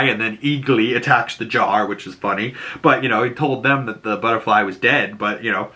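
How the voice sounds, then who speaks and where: A show recap host with a Boston accent runs through a TV episode in casual, profane chat. His medium-pitched voice is pushed and bright as he swears, laughs and acts out characters' lines loudly.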